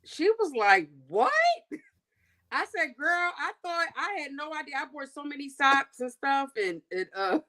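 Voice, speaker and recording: A woman's voice: sits high, big pitch swings, measured pace, sharp tone. A woman co-hosting a casual chat, telling stories in folksy, chatty phrasing.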